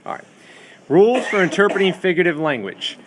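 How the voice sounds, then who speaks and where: A man's voice: high voice, very animated, brisk, background noise. A man teaching a Bible study class in a classroom, lecturing in a conversational way and asking the students questions, with many fillers.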